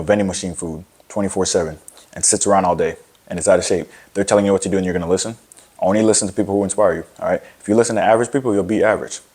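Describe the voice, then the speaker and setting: Young man, low voice, rapid-fire delivery; blunt, profane fitness rant to camera, lots of restarts. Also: darkish tone. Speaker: fitness content creator. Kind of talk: casual motivational rant to camera.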